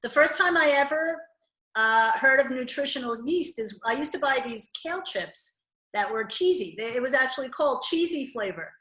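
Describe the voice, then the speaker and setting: A woman's voice: sits high, animated, normal speed, pushed and bright. A woman co-hosting a talk show over a video call, chatting with enthusiastic agreement. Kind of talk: casual chat. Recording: roomy video call audio.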